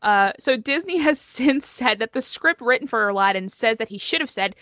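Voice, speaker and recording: A woman's voice: fairly high pitch, expressive, moderate pace, fairly bright tone, no echo, clean studio sound. A woman co-hosting a podcast in casual chat, chatty and giggly, with some swearing. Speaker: podcast co-host.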